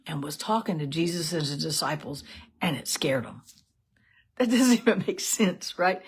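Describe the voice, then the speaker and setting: A woman giving a casual, animated devotional talk, asking lots of rhetorical questions. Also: on the low side, slightly rough. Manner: animated, conversational, laughs often, many rhetorical "right?". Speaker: devotional teacher.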